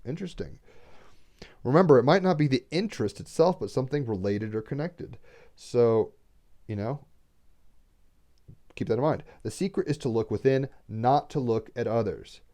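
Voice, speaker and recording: A man's voice: medium pitch, lively intonation, normal speed, pauses often, mellow. A man doing a casual tarot card reading, rambling and getting emotional as he talks, swearing freely.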